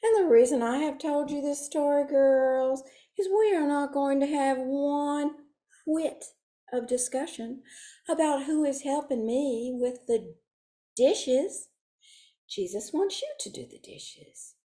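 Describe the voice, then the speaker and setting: A woman's voice: high voice, slow pace, dark tone, voice pushed up. A woman voicing a prim, fussy older Sunday school teacher in a comic monologue, talking in a lilting, stagey way full of asides.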